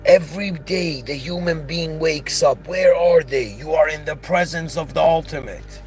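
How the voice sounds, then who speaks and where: A man's voice: a little high, moderate pace, music in the background. A man giving a philosophical monologue, earnest and growing emotional as he talks. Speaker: channel host.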